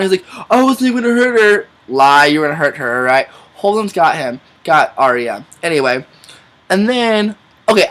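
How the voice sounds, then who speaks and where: A young man in a casual vlog, recapping a TV episode in an excitable, chatty way, with lots of fillers and casual swearing. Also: fairly high pitch. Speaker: vlogger.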